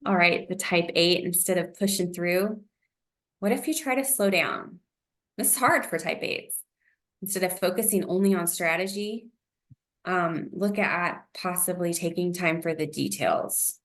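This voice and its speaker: A woman with a somewhat low voice leads a wellness lesson. She speaks in a gentle, encouraging way, often pausing on an "um" before going on. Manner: gentle, encouraging, uses fillers like um. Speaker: presenter.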